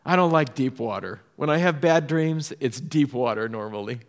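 A man from Southern California preaching a sermon, telling personal stories and often dropping to a soft hush to drive a point home. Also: mid-range voice, lively intonation, moderate pace. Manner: storytelling, drops to a soft hush for emphasis. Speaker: pastor. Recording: echoey hall reverb.

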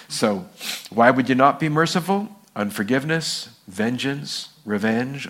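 A male pastor preaching a sermon, telling stories and acting out the people in them with a raised voice. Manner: animated storytelling, acts out quoted people in a high voice.

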